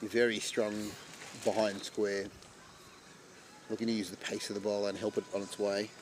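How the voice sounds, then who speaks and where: A man giving chatty live commentary on an amateur cricket match. He breaks into loud excitement at wickets. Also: fairly low pitch, moderate pace, a little hiss or hum.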